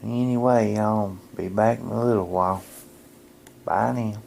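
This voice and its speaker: A man vlogging casually with a camcorder, chatting to his dogs and hushing his voice indoors. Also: lowish voice, fairly even intonation, unhurried, vocal fry, a little hiss or hum. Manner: talks to his dogs in a coaxing voice, drops to a hush indoors. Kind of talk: casual vlog narration to camera. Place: house indoors, then backyard outdoors. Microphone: handheld camcorder mic.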